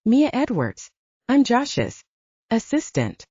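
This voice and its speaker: A sweet young assistant, voiced by the woman narrator, gentle and friendly. Mellow tone with lively lilt. Dry, slightly dull audiobook recording. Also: a little high, takes it slowly, husky, no room sound, voice pushed up, heavily acted.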